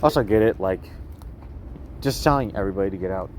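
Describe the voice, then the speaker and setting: Talking fast in a lowish, darkish voice with a little hiss or hum in the audio, a man vlogs outdoors on a city street, holding his phone. He rambles in an agitated, repetitive way, asking viewers again and again if they see what he's seeing.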